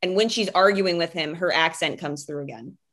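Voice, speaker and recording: A woman's voice: lowish voice, moderate pace, a bit bright. A young woman co-hosting a casual chat, giggly and gushing as she reads out viewer comments. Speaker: podcast co-host.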